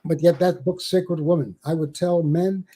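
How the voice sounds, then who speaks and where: An older man from the Caribbean islands, a spiritual teacher telling stories in an interview, given to slow, theatrical recitation with big swells and drops. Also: fairly high pitch, steady tone, dark tone, husky, low-quality recording. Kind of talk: storytelling and dramatic poetry recital.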